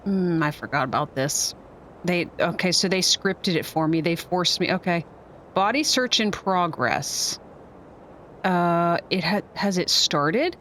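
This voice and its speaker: A woman streamer commentating as she plays a video game, thinking out loud with playful asides. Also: on the low side, expressive, measured pace, a little hiss or hum. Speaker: gaming streamer. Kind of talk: let's play commentary. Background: game music.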